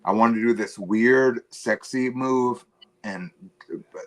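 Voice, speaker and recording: A man's voice: mid-range voice, slow. A man in casual stream chat, telling a heated story full of swearing. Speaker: co-host guest.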